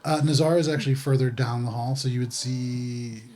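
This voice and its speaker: A man narrating a tabletop game as game master, relaxed and descriptive with frequent pauses. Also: mid-range voice, faint music behind.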